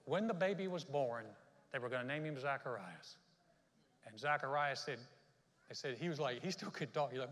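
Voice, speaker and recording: A man's voice: mid-range voice, fast, a bit bright, big-room sound. A man pastor preaching a sermon in a church, telling stories in a folksy way and acting out quotes. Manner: folksy storytelling with acted-out quotes.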